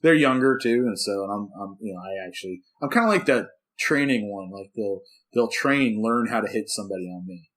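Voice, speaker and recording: A man co-hosting a casual podcast, an animated storyteller who acts out what he says to his dog. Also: on the low side, fairly quick, few pauses. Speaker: podcast co-host. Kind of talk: casual chat.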